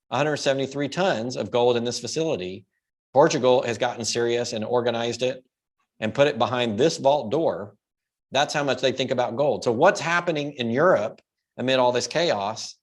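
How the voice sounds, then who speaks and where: Emphatic man hosting a market commentary. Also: medium pitch. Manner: emphatic, rhetorical questions, casual profanity. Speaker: host of a precious metals livestream. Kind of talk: opinionated solo commentary.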